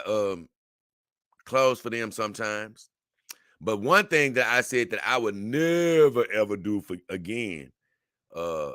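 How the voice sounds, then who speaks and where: A man's voice: on the low side, bright, forceful tone, no echo, clean studio sound. A man hosting a casual livestream, reading out viewer comments and answering them in loose, repetitive, slang-heavy talk.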